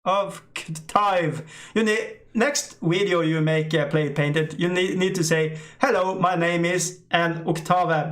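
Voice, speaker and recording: A middle-aged man, an English speaker, hosting a casual live stream and reading out chat, halting with many fillers and frequent laughs. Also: fairly high pitch, fairly bright tone.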